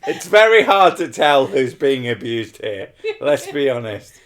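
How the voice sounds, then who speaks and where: Crude, teasing drunk man with a lively voice. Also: medium pitch, measured pace. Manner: crude, teasing, laughs at his own jokes. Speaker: streamer. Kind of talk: drunk late-night stream chat.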